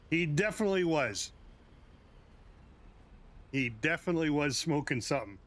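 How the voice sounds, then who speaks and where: With a slightly high, fairly bright voice, a male game streamer from the United States talks loosely with viewers, laughing softly and adding side remarks as he reacts to their comments.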